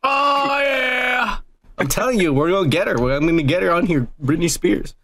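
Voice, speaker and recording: A man's voice: fairly high pitch, animated, fast talker, gravelly, background noise. A young man hosting a podcast, joking and rambling with lots of profanity. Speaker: podcast host. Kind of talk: casual crude podcast banter.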